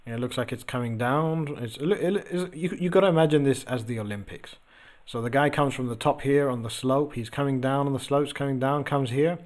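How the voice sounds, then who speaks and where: A young man in casual host mode, riffing on trading charts and answering viewers. His voice sits at an everyday middle pitch, and he keeps it loose, with frequent ums and uhs as he thinks aloud. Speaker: host of a crypto trading channel. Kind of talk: casual chart commentary, reading viewer messages.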